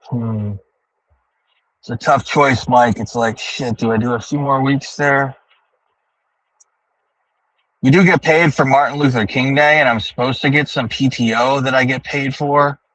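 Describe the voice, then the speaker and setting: A man with a mid-range, slightly bright voice speaks at a measured pace with fairly even intonation and long pauses, captured on a rough recording. He's livestreaming from his car on the drive home, talking to his chat in a casual, rambling monologue. He rants and thinks aloud, swearing heavily throughout.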